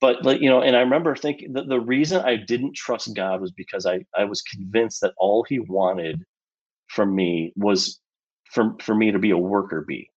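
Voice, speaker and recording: A man with a low, husky voice tells a story in an animated way, full of casual fillers. The audio is a bit dull and lo-fi. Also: normal speed. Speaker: interview guest, filmmaker.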